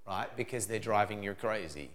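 A middle-aged man giving a lively parenting seminar talk, acting out dialogue as he goes. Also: fairly low pitch, moderate pace. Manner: animated, acts out dialogue in put-on voices.

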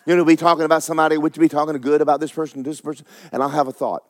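Fervent preacher with a high voice. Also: male voice, rapid-fire. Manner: animated preaching, rising to near-shouts, then dropping soft. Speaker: pastor. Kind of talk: sermon.

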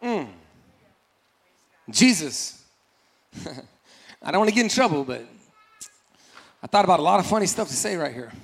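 High-voiced animated male preacher. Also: creaky. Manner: animated, acts out scripture voices, repeats phrases, calls congregation to respond. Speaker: pastor. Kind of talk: energetic sermon.

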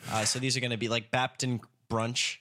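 A man co-hosting a casual podcast, laughing often and reading tongue twisters slowly. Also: medium pitch, level tone, pushed and bright. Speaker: podcast co-host. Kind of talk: casual chat.

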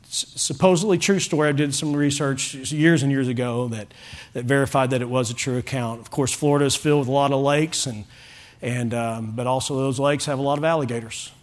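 A man preaching a sermon to his congregation as pastor, fervent and rising to loud pleading calls. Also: medium pitch, fairly even intonation, fairly quick. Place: church sanctuary with a congregation.

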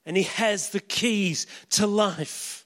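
A man preaching with a very high-pitched voice, retelling a story dramatically as he drops to a hush and then builds to shouts. His voice carries the long reverb of a large hall. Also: slow pace. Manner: dramatic, swinging from hushed to shouting.

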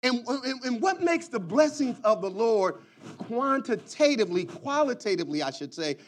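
Male preacher, high and very lively pitch, call-and-response delivery, drawn-out emphasis. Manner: drawn-out emphasis on key words. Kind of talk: sermon.

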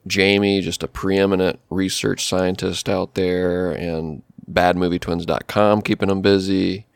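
A man's voice: sits low, flat delivery, measured pace, creaky, clean tone, no echo, studio quality. A man co-hosting a podcast, laid-back and wisecracking in casual banter with friends. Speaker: podcast co-host and streamer.

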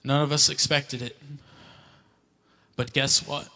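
A man preaching with a gravelly, forceful voice set a little high, pressing his points through repetition and rising to fervent peaks. His words ring out with a long hall reverb in a church sanctuary. Soft music plays faintly behind him. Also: little pitch movement, slow. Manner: fervent, repetitive preaching that swells to loud cries. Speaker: pastor. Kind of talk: impassioned sermon. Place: church sanctuary during a morning service.

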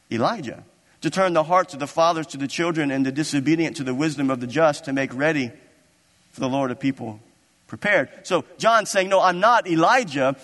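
A man's voice: fairly high pitch, a bit bright. Impassioned preacher man in a reverberant hall. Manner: impassioned, rising into emphatic repeated declarations. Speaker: pastor. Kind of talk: sermon.

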